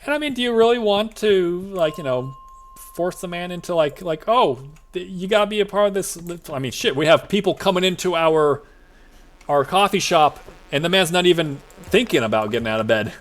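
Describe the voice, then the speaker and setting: Male streamer, fairly high voice, jokey and rambling live gameplay commentary. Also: animated, a little fast. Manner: rambling, jokey, self-talking asides. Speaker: VTuber streamer.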